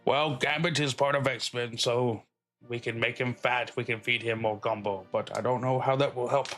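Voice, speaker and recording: A man's voice: medium pitch, fairly even intonation, moderate pace, a bit bright, soft background music. Joking male game streamer. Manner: joking, laughs often, talks to his dog. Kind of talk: live gameplay commentary.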